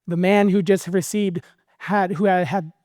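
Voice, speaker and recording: American male pastor, high voice, casual animated sermon, dry close sound. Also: measured pace, no room sound. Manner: conversational, animated storytelling.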